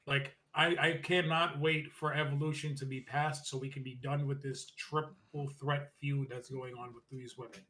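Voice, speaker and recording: A man's voice: medium pitch, little pitch movement, bright, forceful tone, slight background noise. A man co-hosting a podcast, recapping a wrestling show in casual chat, rambling and quoting the wrestlers. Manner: rambling recap, quick asides, mock-quotes wrestlers. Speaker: podcast co-host.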